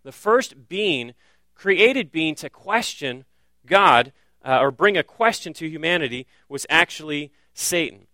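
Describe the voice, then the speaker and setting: A man's voice: fairly high pitch, lively intonation, measured pace, bright, forceful tone, no room sound. A man preaching a sermon as pastor, earnest and direct, often driving points home with rhetorical questions.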